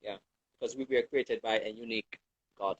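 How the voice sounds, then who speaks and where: A man's voice: on the low side, fairly even intonation, brisk, no room sound. A man co-hosting a casual talk show discussion, speaking hesitantly with many fillers. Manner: hesitant, fills with "um" and "you know". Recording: dull lo-fi recording.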